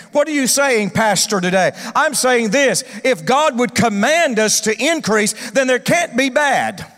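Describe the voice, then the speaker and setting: A man's voice: very high voice, moderate pace, hardly any pauses, a bit bright. A male pastor preaching an emphatic sermon, calling for responses from the congregation. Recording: long hall reverb.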